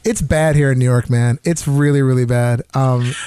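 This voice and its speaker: A man hosting a podcast in casual comedic chat, swearing freely and animated. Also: medium pitch, normal speed, a little hiss or hum. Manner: profane, animated, acts out quotes. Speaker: podcast host. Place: New York.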